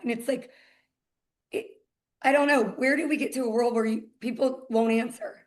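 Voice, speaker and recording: A talkative woman with a Southern US accent, her voice sitting a little higher than most. She speaks as a guest on a casual podcast and tells her stories by acting out the quoted back-and-forth of her phone calls. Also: steady tone, moderate pace. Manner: chatty storyteller, acts out quoted exchanges. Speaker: title company executive, podcast guest.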